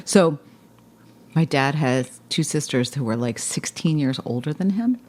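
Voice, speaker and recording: A woman's voice: sits low, lively intonation, measured pace, a little mellow. A woman from New Jersey, a podcast guest, telling family stories in a rambling, dryly funny way, full of "like"s. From New Jersey, USA. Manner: rambling, dry humor, many "like"s. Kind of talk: casual storytelling chat.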